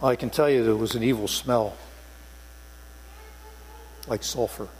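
An older man preaches a sermon in a church sanctuary, telling his story earnestly and pressing hard on key words. His voice sits at an ordinary pitch and rings out with a long hall reverb. A faint mains hum runs underneath. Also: fairly even intonation, unhurried, a little mellow. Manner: earnest storytelling, rising to emphatic stresses. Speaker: preacher, former police sergeant.

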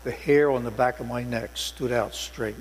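A man's voice: medium pitch, fairly even intonation, moderate pace. An older man, a former police sergeant, preaching a sermon in a church sanctuary with earnest storytelling and emphatic stresses. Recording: long hall reverb with mains hum.

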